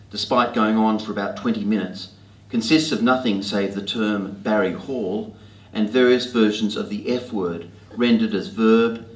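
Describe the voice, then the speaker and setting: An Australian man reading his own comic writing aloud to an audience with a wry, deadpan, self-mocking delivery, in a library talk venue. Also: lowish voice. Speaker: author reading his work. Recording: roomy hall with faint ambience.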